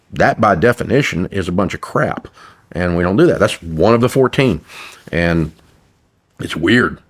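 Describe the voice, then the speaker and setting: A man's voice: deep voice, fairly bright tone. An older man, a business owner guesting on a podcast, talking bluntly and emphatically and repeating his points like a sermon. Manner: blunt, emphatic, preachy and repetitive. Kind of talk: podcast interview.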